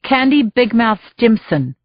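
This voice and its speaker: A woman's voice: on the high side, very animated, measured pace, dry recording, highs cut off. A woman narrator voicing a blunt, snappy female prosecutor. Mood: dazed. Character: sharp-tongued woman prosecutor.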